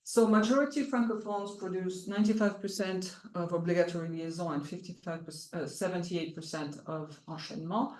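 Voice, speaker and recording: A woman's voice: on the low side, fairly even intonation, a little mellow, a little hiss or hum. Woman, conference presenter, explanatory academic delivery with many fillers, echoey room. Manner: explanatory, halting with frequent fillers. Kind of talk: academic talk.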